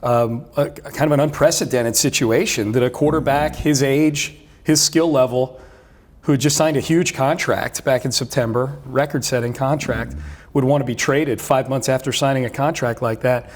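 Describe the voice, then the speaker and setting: A man's voice: mid-range voice, fairly even intonation, normal speed. A middle-aged man who hosts sports radio, guesting in a casual chat and talking at length with many restarts. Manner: talkative, many restarts and fillers.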